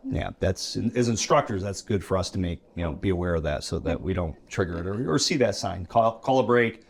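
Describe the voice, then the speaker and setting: A man's voice: low-pitched, expressive, brisk, gravelly. A man co-hosting a podcast, chatting casually and playfully, reaching for everyday analogies. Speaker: co-host, instructor.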